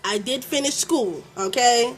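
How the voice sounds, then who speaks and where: A woman's voice: a little high, unhurried, slight background noise. Chatty Baltimore woman reading tarot. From Baltimore, USA. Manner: chatty, frequent "okay?" and fillers, swears freely. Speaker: tarot reader. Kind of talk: casual tarot reading to camera.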